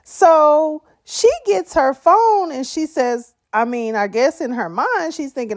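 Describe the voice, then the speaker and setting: Brief: woman reaction host, slow and expressive, fairly high voice, close and dry. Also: no echo. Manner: expressive, exclaiming, laughing often. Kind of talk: casual reaction commentary.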